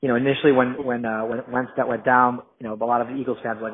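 Husky man on a tinny phone line. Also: medium pitch, flat delivery, very fast. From New Jersey. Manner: rambling, with many fillers and restarts. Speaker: guest. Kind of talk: casual podcast chat. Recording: narrow phone-like sound.

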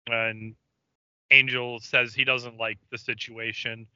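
A man's voice: medium pitch, little pitch movement, slow pace, pushed and bright, dry recording, muffled recording. A man co-hosting a podcast, casually retelling a show episode with plenty of fillers and rambling asides. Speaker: podcast co-host recapping an episode. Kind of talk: casual chat.

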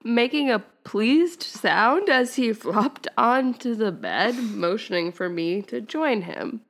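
Woman on a podcast reading some story out loud, keeps laughing and stopping to make jokes. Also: on the high side, animated, slow. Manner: keeps breaking into laughter and wry asides while reading. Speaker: podcast co-host. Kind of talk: reading fan fiction aloud on a casual podcast.

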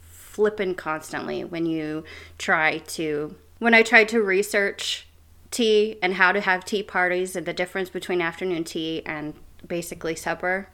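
A woman's voice: fairly low pitch, steady tone, a little slow, sharp tone. An American woman co-hosting a podcast, chatting casually and giggling, with lots of "like" and "um". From United States. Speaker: podcast co-host. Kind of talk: casual chat.

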